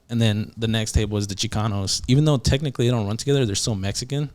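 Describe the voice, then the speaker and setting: A man's voice: mid-range voice, very fast, few pauses. A man, a podcast guest and former prison yard officer, telling a story casually with lots of fillers and restarts and acting out quotes. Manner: animated, acts out quotes, many fillers and restarts.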